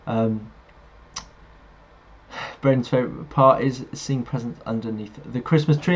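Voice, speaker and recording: A livestream host reads viewer messages aloud and chats back casually, speaking unhurriedly at a medium pitch and pausing often. The audio is slightly dull, with faint music playing behind him.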